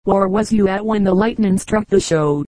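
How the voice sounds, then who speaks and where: A woman's voice: mid-range voice, moderate pace, mellow, no echo, close to an everyday voice. A woman voicing a half-drunk old male settler, speaking in a folksy, bewildered drawl.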